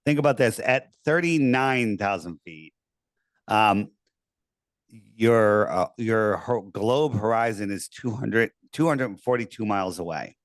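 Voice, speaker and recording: A man telling an animated story as an interview guest, acting out quoted voices and swearing casually. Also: on the low side, unhurried, no echo, studio quality.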